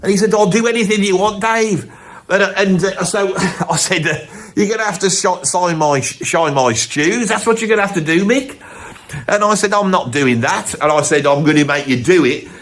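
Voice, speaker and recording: A swaggering Birmingham loudmouth, as a man puts him on, pitched high above an ordinary man's voice. He talks in a cocky, mocking way with a thick Birmingham accent, full of bluster, like someone spinning a tall tale down the pub. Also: moderate pace. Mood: boastful. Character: boastful brash Birmingham man telling tall tales.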